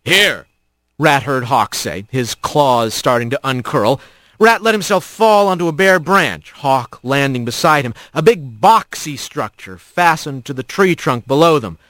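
A man narrating an animal story in an expressive storytelling way. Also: mid-range voice, a little slow, dry recording. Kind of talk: scripted narration.

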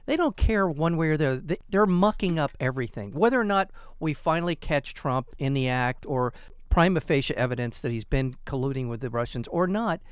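A man's voice: on the high side, animated, a little fast, clear, resonant tone, no room sound. A man co-hosting a casual comedic news chat, giving emphatic, indignant commentary. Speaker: co-host.

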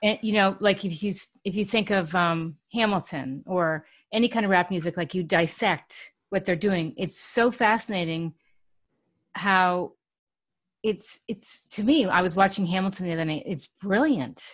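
A woman interviewing a guest in a casual chat, encouraging him and often answering with quick affirmations. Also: lowish voice.

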